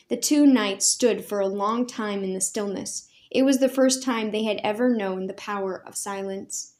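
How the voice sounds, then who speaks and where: A woman reads a storybook aloud at a medium pitch, gentle and expressive. Her narration is steady and clear, with pauses suited to a bedtime tale.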